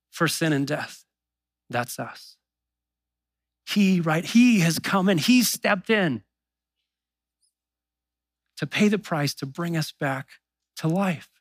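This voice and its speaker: A man preaching a sermon in a relaxed, conversational way, acting out the doubts of believers in quick asides. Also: on the high side, slightly rough, no echo. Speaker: pastor.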